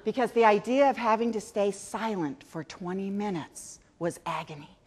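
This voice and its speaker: A woman's voice: medium pitch, moderate pace, darkish tone, breathy edge. A middle-aged woman giving a chatty, self-mocking conference talk to teachers. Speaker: education speaker. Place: large conference hall. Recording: long hall reverb.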